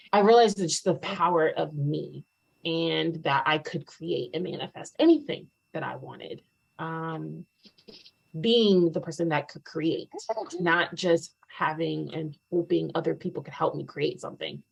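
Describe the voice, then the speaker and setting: Candid woman telling her own story, low gravelly voice, lots of ums. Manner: candid, filler-heavy, rising to animated retelling. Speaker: testimonial speaker. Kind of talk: personal testimony.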